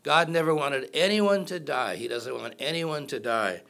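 A man preaching to a congregation, with a voice that sits a little high for a man. He reads verses aloud and keeps stopping to throw questions back at the listeners. Along the way he slips in jokes, so the sermon feels loose and conversational. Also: lively intonation, moderate pace, gravelly, a bit bright. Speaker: pastor.

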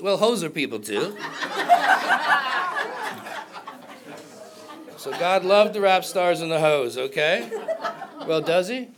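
A man preaching to a congregation, with a voice that sits a little high for a man. He reads verses aloud and keeps stopping to throw questions back at the listeners. Along the way he slips in jokes, so the sermon feels loose and conversational. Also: background noise. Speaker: pastor.

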